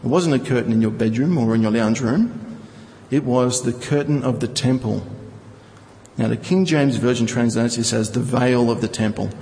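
A man's voice: mid-range voice, moderate pace, gravelly, dark tone, long reverb tail, rough recording. A male preacher teaching from scripture, reading verses and explaining them with rhetorical questions. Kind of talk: Bible teaching sermon.

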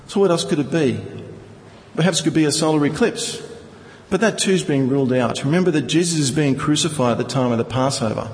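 A man's voice: a little high, fairly quick, long reverb tail, rough recording. A male preacher teaching from scripture, reading verses and explaining them with rhetorical questions. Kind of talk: Bible teaching sermon.

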